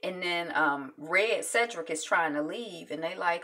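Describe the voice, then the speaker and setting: A woman casually recapping a TV episode, chatty and loose, with lots of ums and quick asides. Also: on the low side, distant mic, background noise. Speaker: TV recap vlogger.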